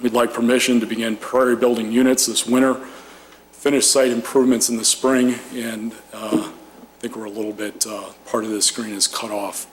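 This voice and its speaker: Raspy man losing his voice. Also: mid-range voice, normal speed, slight background noise. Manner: steady, with frequent "uh" and "um". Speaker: petitioner presenting a development. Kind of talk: formal public presentation. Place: municipal meeting chamber.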